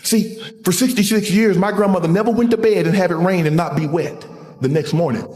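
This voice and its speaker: Middle-aged male storyteller, raised pitch, long hall reverb; motivational speaker recounting a memory. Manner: storytelling, slows and softens at emotional points. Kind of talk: motivational speech.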